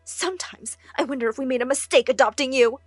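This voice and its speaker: A woman's voice: high voice, fast talker, no room sound, soft background music. A woman voicing a wealthy adoptive mother who gushes over her favorite and scolds the other child curtly. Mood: scolding. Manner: gushing to one child, curt and scolding to the other. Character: doting, dismissive adoptive mother.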